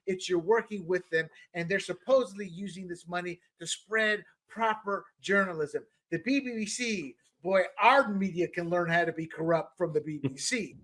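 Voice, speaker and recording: A middle-aged man co-hosting a political talk show, animated and often repeating words as he builds a point. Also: high-pitched, moderate pace. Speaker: podcast co-host. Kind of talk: political commentary chat.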